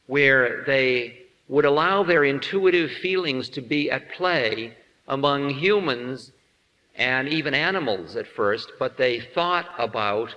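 A man giving a humorous spiritual talk as a teacher, playful and quick to act out little scenes. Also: mid-range voice, pushed and bright, dull audio. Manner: playful, acts out voices in anecdotes. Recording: long hall reverb.

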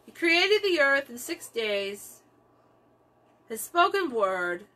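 A woman's voice: high voice, sing-song, slow, sharp tone. A woman leading a Bible study, teaching with emphatic repetition of key phrases.

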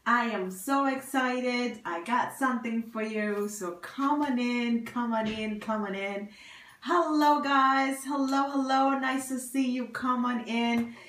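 A woman's voice: a little high, steady tone, slow, fairly bright tone. A woman greeting her livestream viewers by name in a bubbly, welcoming casual chat. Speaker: livestream host. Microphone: phone or webcam.

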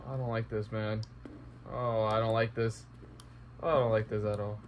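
A man's voice: fairly low pitch, flat delivery, moderate pace, a little hiss or hum, poor audio. A young man commentating a horror game let's play, talking to himself and exclaiming at scares. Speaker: gaming YouTuber.

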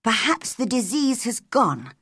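A woman's voice: a little high, very animated, unhurried, a bit bright, slightly rough, no room sound, studio quality, heavily acted. A woman voicing a cross, spoiled little girl. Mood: wondering. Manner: cross, demanding.

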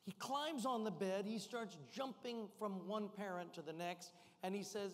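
An older man speaking to a crowd with a high, energetic voice, calling out to the audience and getting them on their feet. His voice rings out with a long reverb from a big hall. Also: measured pace. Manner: energetic, rousing the crowd with call-and-response shouts. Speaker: guest speaker. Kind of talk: motivational keynote to a live audience. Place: large event hall.

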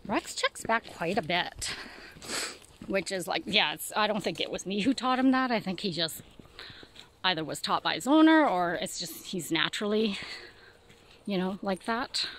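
A woman's voice: animated, normal speed, fairly bright tone, slight background noise. A woman dog walker from Canada, chatting casually and a bit out of breath while hiking outdoors, rambling and joking about herself. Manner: rambling, self-deprecating, praising dogs in a high sing-song voice. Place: outdoors in a park.

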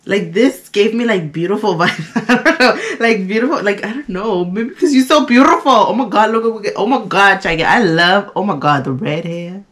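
A woman's voice: mid-range voice, expressive, moderate pace, hardly any pauses, fairly bright tone. A young woman hosting a fan reaction video, gushing and squealing, slipping in Spanish phrases. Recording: music playing behind her voice.

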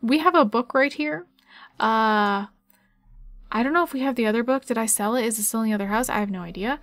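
Woman, gaming commentary, chatty, giggly, fairly high voice, dry close sound. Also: brisk, a bit bright, no echo. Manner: chatty, giggly, addresses viewers directly. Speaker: gaming YouTuber. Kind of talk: casual game commentary.

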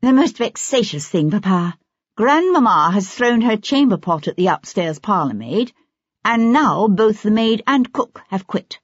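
A reader voicing a composed young noblewoman who speaks calmly and matter-of-factly, in an audiobook. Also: mid-range voice, a little slow, breathy edge, dry recording, voice pushed up. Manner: calm and matter-of-fact. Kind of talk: audiobook character voice. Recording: dull lo-fi audiobook recording.

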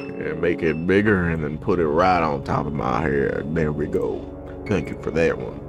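A man's voice: very deep voice, normal speed, over music, pitched below the performer's own voice. A man voicing a folksy, talkative male cowboy in a put-on American country accent. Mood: folksy joking. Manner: drawling, folksy, jokey.

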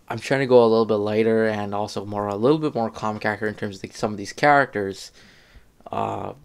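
A man's voice: lowish voice, clean tone. A man talking casually about his fan casting ideas, rambling with many fillers and self-corrections. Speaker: fan commentator.

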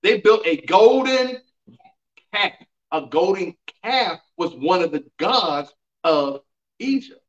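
High-voiced pastor preaching in an echoey church. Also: male voice, lively intonation, takes it slowly. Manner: emphatic, asks the congregation rhetorical questions. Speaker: pastor teaching a Bible class. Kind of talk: teaching sermon with call-and-response. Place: church sanctuary. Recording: roomy, dull sound from a distant mic.

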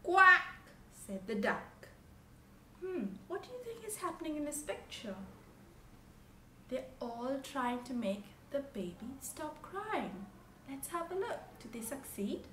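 A woman's voice: high-pitched, big pitch swings, a little slow, distant mic, a little hiss or hum. A woman reading a children's picture book aloud, in a sing-song way with playful animal noises, and stopping to ask the listener questions. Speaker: storybook reader. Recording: echoey room with faint ambience.

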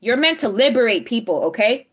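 A woman's voice: fairly high pitch, animated, brisk, background noise. A woman giving a live tarot reading to her viewers, emphatic and repetitive, checking in with them often. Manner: emphatic, repeats affirmations, checks in with "all right?". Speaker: tarot reader.

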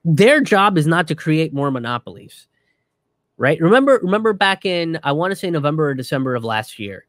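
A man giving a casual, profane commentary rant in an animated way. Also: fairly high pitch, fairly quick, no echo, clean studio sound.

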